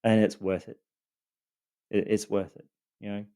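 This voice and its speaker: A man's voice: lowish voice, flat delivery, unhurried, dark tone, smooth. A man hosting a podcast, telling his own story in a loosely scripted monologue, earnest and hesitant with many fillers and repeated words.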